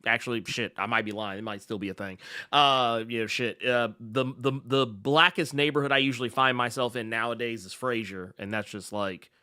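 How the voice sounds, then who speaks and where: Bright-voiced laid-back man chatting. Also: mid-range voice, fairly even intonation, a little fast, clear, resonant tone. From Memphis. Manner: laid-back, swearing, self-correcting. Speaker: podcast co-host. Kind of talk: casual podcast chat.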